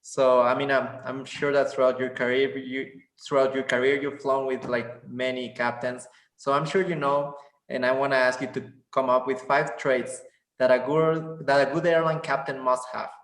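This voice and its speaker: A man's voice: medium pitch, flat delivery, normal speed, fairly bright tone. Hesitant male interviewer, echoey room. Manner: hesitant, restarts questions. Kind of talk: casual interview questions. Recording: roomy echo.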